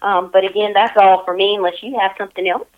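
A woman's voice: medium pitch, fairly even intonation, fast, narrow, tinny audio. A woman interviewing someone over the phone, playful and teasing, laughing often.

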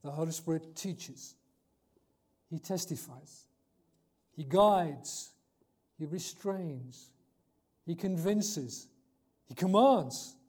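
Male preacher, higher-pitched mellow voice, emphatic sermon delivery with loud and soft swings. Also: breathy edge. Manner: reads scripture aloud, corrects himself.

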